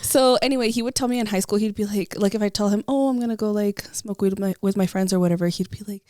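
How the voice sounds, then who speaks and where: A young woman in her twenties, chatting as a podcast co-host and telling a personal story in a loose, rambling way. She talks at an average pitch, close to the mic in a dry, dead room. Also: quick pace, mellow, dry recording. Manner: chatty, lots of likes, laughs as she tells a story. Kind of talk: casual chat, storytelling.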